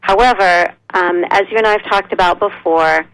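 Gravelly-voiced woman expert, measured. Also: mid-range voice, fairly bright tone, dry recording, rough recording. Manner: measured, informative, frequent ums. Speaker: nonprofit executive director, guest expert. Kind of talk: radio interview.

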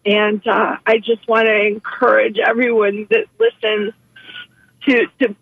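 A woman calling in to a radio show, speaking haltingly and emotionally with many pauses and restarts. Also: a little high, sing-song, vocal fry, breathy edge, no echo. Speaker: caller. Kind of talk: phone call to a radio show. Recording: tinny phone line.

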